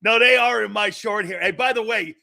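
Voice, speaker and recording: Middle-aged male sports host, high, sharp voice, loud and jokey, stumbles over repeats. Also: a little fast, creaky. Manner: loud, joking, repeats words when excited. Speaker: show host. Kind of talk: casual sports radio banter.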